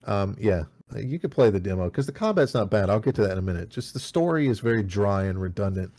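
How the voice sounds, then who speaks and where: A man's voice: fairly low pitch, lively intonation, fast talker, a little mellow. A man co-hosting an audio podcast, reviewing a video game in a casual, rambling way, swearing often and restarting his sentences. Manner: rambling, profane, with many restarts. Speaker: podcast co-host.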